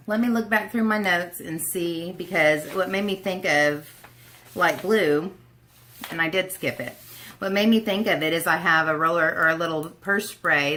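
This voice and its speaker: A woman with an Oklahoma twang talks to her viewers in a loose, rambling way, full of asides and self-deprecating jokes. Her voice sits a little low but has a bright, forward edge. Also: a little hiss or hum. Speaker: beauty vlogger. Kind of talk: casual chat to camera.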